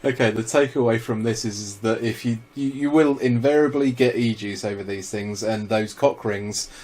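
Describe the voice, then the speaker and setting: A man's voice: on the low side, normal speed, a little mellow. A man co-hosting a casual vlog chat, telling stories with dry jokes and casual swearing. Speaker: vlog co-host.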